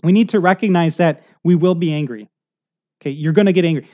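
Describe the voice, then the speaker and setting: Middle-aged guy pastor giving a sermon, kinda high voice, chatty and earnest, dull lo-fi sound. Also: fast talker, darkish tone. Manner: earnest, conversational preaching with frequent "okay?" check-ins.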